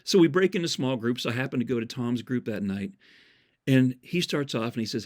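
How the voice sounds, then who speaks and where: A man's voice: mid-range voice, fairly quick, a little mellow. Earnest man preaching with repeated emphasis. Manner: cites scripture verses from memory. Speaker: Christian speaker. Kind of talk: sermon-style storytelling.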